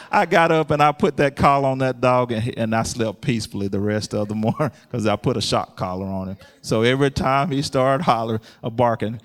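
A man preaching a sermon in a call-and-response style, laughing often and calling out hallelujahs as his voice climbs higher and louder. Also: fairly quick.

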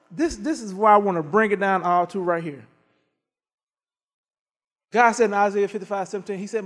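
A man's voice: high-pitched, in a large hall. A middle-aged man preaching a sermon, telling folksy stories with lots of laughter. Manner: animated, folksy storytelling with laughter. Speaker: pastor.

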